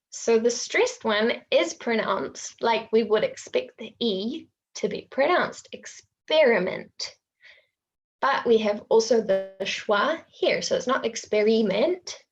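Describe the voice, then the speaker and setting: A woman's voice: on the high side, highs cut off. A woman with a New Zealand accent teaching English pronunciation in an online webinar, patiently repeating words so learners can copy them.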